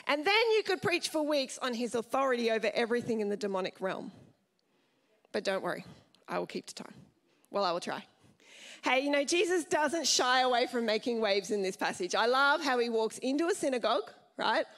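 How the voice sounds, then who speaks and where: Lively, chatty woman pastor preaching. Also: sits high. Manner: lively, chatty, asks the congregation questions. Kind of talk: sermon.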